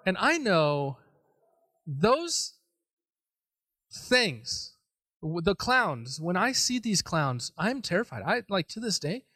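A man preaching a sermon, telling a personal story in an animated, self-deprecating way. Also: high-pitched, no echo. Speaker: pastor.

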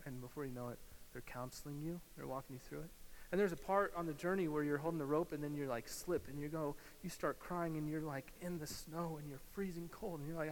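A male pastor preaching a sermon, swinging from loud emphasis to hushed, slow guided imagery. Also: fairly high pitch. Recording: hall reverb with faint hiss.

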